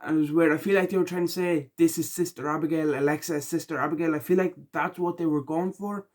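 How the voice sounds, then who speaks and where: A tired man talking casually through his reactions, rambling with lots of ums and likes, and rising loud and high when he gets annoyed. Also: steady tone, quick pace. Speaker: wrestling reaction vlogger. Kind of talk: casual spoken reaction vlog.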